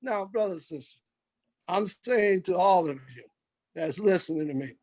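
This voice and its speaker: An older man with a high voice tells his stories with emphasis and acts out the lines of the people in them. He speaks as a guest on a podcast interview. The recording is close and dry. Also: animated, moderate pace, darkish tone, no room sound. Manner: emphatic, acts out quoted dialogue. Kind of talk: storytelling interview.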